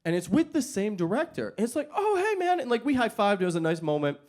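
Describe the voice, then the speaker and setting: A man's voice: sits high, very animated, quick pace, darkish tone. A male stand-up comedian telling a self-mocking story on a comedy stage, talking into a stage microphone.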